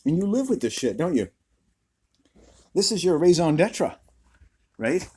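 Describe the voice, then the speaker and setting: A man with a squeaky voice ranting to camera outdoors in a furious, profane, confrontational way. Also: very animated, a little slow, darkish tone, slightly rough. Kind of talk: angry rant to camera.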